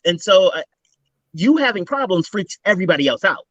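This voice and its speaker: Male interview host, higher voice, animated and rambling, muffled dry recording. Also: a little fast, no echo. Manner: animated, rambling, thinks aloud. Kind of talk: casual interview talk.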